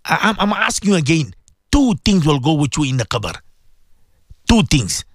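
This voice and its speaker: A man's voice: on the high side, very animated, moderate pace, no room sound. Fervent male radio preacher, dry sound. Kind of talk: radio sermon.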